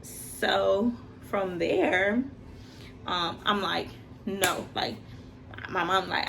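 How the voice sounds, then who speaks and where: Young woman telling a story, talks in a middling pitch, gets loud then hushed, faint room hum. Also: takes it slowly, gravelly. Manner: animated, acts out quoted voices with big pitch jumps. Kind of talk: casual personal storytelling.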